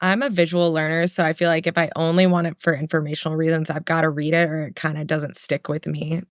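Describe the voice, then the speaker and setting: A panelist on a podcast chat who speaks in a relaxed, thoughtful way with light laughter. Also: medium pitch, quick pace, no room sound. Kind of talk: casual chat.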